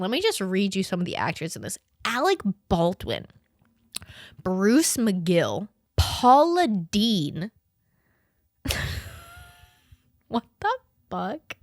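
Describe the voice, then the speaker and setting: In a studio-quality recording without echo, a woman in her twenties whose voice sits on the low side hosts a podcast. She's animated and casual, swearing, laughing frequently, and stumbling as she reads aloud.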